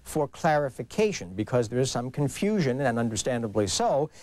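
A man's voice: mid-range voice, very animated, fairly quick, darkish tone, no room sound. A male correspondent reporting live from the United Nations, carefully recapping unconfirmed news.

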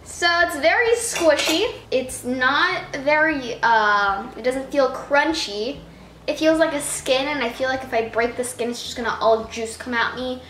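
Her voice high-pitched, a little slow and a bit bright, a woman vlogger wanders through a casual food tasting, self-mocking and addressing the camera directly. The recording has room echo and faint noise.

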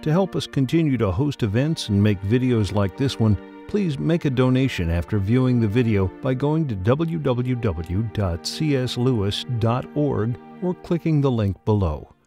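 A man reading a scripted sponsor announcement in a measured, even way. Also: medium pitch, gravelly, faint music behind.

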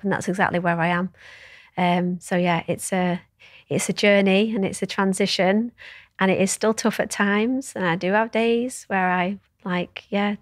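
A woman's voice: mid-range voice, dry recording, studio quality. A woman guest telling personal stories in an open, reflective way, swearing freely as she talks. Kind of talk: candid conversational storytelling.

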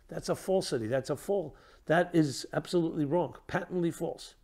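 Thoughtful rabbi, slightly high voice. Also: male voice. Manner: thoughtful, asks rhetorical questions, trailing off softly. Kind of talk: reflective teaching talk.

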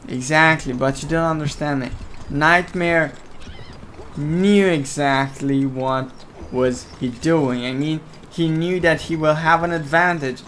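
A man's voice: on the high side, slow pace, fairly bright tone, a little hiss or hum. A man whose first language is Romanian, casually commentating a strategy game match with a friend, chatty and getting heated when he argues.

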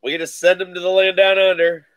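A man's voice: high voice, flat delivery, fast talker, fairly bright tone, smooth. A man hosting a live card break stream, chatting casually with many fillers and greeting viewers by name.

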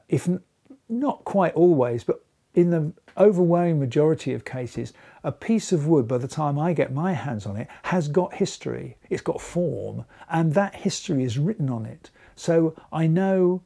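A man's voice: on the high side, gravelly, dark tone. A man in his seventies, a letter carver, explaining his craft in a thoughtful documentary interview with small restarts. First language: English. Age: 70s.

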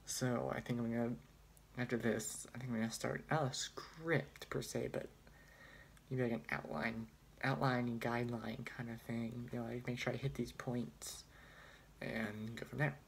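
A young man talks off the cuff into his phone, wandering between thoughts with plenty of hesitations and a wry, self-deprecating tone. His voice sits at a middling pitch with a noticeable gravelly fry, and faint ambient noise is heard behind him. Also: steady tone, moderate pace. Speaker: student vlogger. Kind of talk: casual chat.

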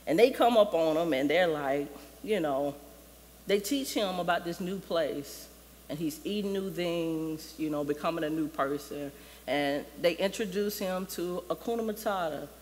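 A man's voice: fairly high pitch, moderate pace, darkish tone, slight background noise. A man preaching a sermon in a church, retelling a story in a casual way with lots of "like". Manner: casual storytelling, heavy use of "like". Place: church sanctuary. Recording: long reverb of a church hall.

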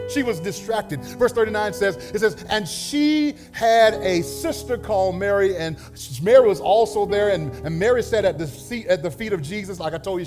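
High-voiced preacher man with music behind. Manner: lively preaching with dramatic pitch swings and acted asides. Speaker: pastor. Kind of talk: sermon. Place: church.

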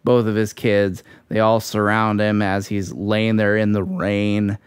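Slow-talking male podcast co-host. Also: fairly low pitch, little pitch movement, clean tone, no echo, studio quality. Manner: slow, halting recap with fillers. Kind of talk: casual film discussion.

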